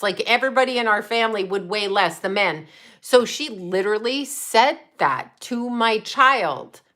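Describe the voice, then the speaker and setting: Blunt, cussing middle-aged woman from Canada, host of a chatty livestream, bright forceful tone. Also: a little high. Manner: blunt, profane, fast-shifting rant with laughs. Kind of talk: casual livestream rant.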